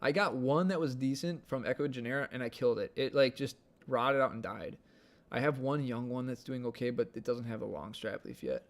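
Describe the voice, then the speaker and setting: Gravelly Midwestern man chatting casually. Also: medium pitch, expressive, fairly quick. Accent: Midwestern American. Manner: rambling, easygoing, heavy use of "like". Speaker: livestream host. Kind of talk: casual live-stream chat. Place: home indoors.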